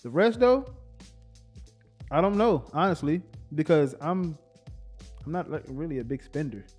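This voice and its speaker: A man's voice: on the high side, animated, measured pace, darkish tone, faint music behind. A young man co-hosting a casual podcast with his partner, laid-back and laughing, with a Black way of talking. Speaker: podcast co-host. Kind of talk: casual couple chat.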